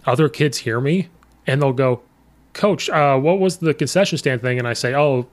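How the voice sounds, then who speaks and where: A man's voice: medium pitch, normal speed. A man hosting a podcast, chatting casually and telling coaching stories, quoting his players and himself. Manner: storytelling, quotes players and himself. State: voice sometimes hoarse from coaching. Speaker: podcast host and high school coach.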